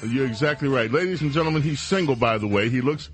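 A man's voice: medium pitch, fast, soft background music. A man hosting a radio talk show, delivering an indignant, emphatic monologue with stammered restarts.

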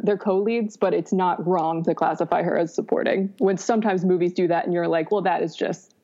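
A woman who is a recurring guest on a film podcast, chatting with quick, opinionated remarks. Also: lowish voice, mellow. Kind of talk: casual film podcast chat. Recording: dull lo-fi sound.

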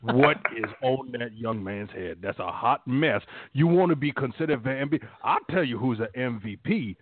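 A man voicing a gruff old football man with a folksy, scolding drawl. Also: mid-range voice, animated, moderate pace, no echo, lightly acted. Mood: grumbling. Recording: phone-like line.

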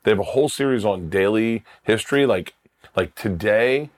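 Low-voiced man telling rambling stories. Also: normal speed. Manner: rambling, excitable anecdotes. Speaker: comedian guest. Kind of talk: storytelling in casual chat.

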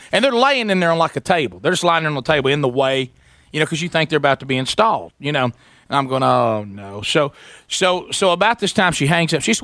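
A middle-aged man hosting a talk show spins a long story with lively energy. His voice sits a little high and has a bright, forceful edge. The sound is dry and close, with no room around it. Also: fast, no room sound. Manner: animated, acts out both sides of the story. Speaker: radio show host.

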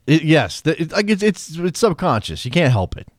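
A man's voice: on the high side, very animated, moderate pace, no room sound, clean studio sound. An American man co-hosting a casual soccer podcast, talking in a rambling, opinionated way and often restarting his sentences. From United States. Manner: rambling, self-interrupting, opinionated. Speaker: podcast co-host.

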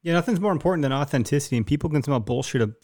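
A man's voice: a little high, animated, very fast, darkish tone. A man hosting a podcast, giving blunt, profane, fired-up opinions in casual chat. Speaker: podcast host.

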